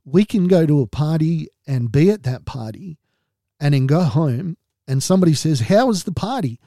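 A man's voice: fairly high pitch, lively intonation, moderate pace, gravelly, mellow, no echo, clean studio sound. An Australian man hosting a podcast, talking candidly and earnestly about his own experience, with a wry edge. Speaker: podcast host. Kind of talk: personal podcast monologue.

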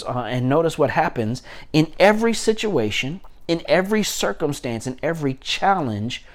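A man, a pastor, preaching a sermon with emphatic repetition and frequent restarts. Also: on the high side.

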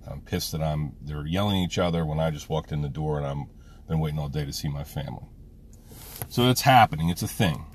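A man's voice: very deep voice, fairly quick, a little hiss or hum. A middle-aged man and father talking through a frank, rambling personal monologue, swearing freely. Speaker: vlogger, father.

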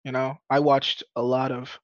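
A man's voice: mid-range voice, level tone, moderate pace, no echo. A laid-back man chatting casually about playing tabletop games, often dropping "man" and "you know". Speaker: tabletop roleplaying player. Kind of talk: casual podcast chat. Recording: dull, dry lo-fi recording.

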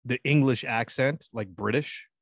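A man's voice: medium pitch, unhurried, creaky, breathy edge, no room sound, clean studio sound. An American man co-hosting a casual podcast chat, crude and laughing often. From United States. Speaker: podcast co-host.

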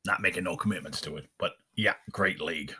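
A man's voice: low-pitched, fairly quick, sharp tone, slightly rough. A man hosting an unscripted podcast, rambling in a folksy way with lots of fillers. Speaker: podcast host. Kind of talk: casual unscripted podcast chat.

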